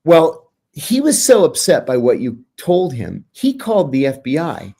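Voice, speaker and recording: Animated middle-aged man telling a story. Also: measured pace, breathy edge. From United States. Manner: animated, acts out quoted dialogue with sudden pitch jumps. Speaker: guest, former intelligence officer. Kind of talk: casual storytelling in an interview.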